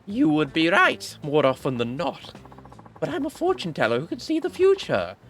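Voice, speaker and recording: A man's voice: wildly swooping pitch, normal speed, fairly bright tone. A man voicing an old fortune teller woman in a crackly hag voice, cryptic and theatrical. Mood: mysterious. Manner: high-pitched and dramatic.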